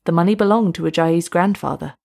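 A woman narrating a story aloud in a steady, measured way. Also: on the low side, vocal fry.

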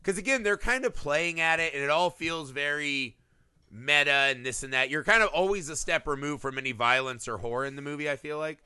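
A man's voice: on the high side, fairly quick, clear, resonant tone, dry recording. A man in a casual film discussion, talking animatedly and acting out lines from scenes. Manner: animated, acts out movie lines.

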